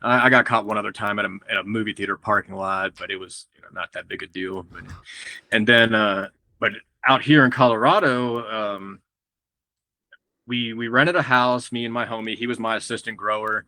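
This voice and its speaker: Bright-voiced Texan man telling stories. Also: lowish voice, moderate pace. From Texas. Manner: animated, acts out quotes of others, laughs often. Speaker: guest grower and breeder. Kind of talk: casual podcast storytelling.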